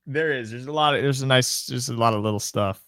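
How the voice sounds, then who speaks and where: A man's voice: medium pitch, fairly quick, fairly bright tone, clean tone, no room sound, clean studio sound. A young man co-hosting a casual sports podcast, chatty, with lots of restarts and repeated words. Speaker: podcast co-host. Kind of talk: casual chat.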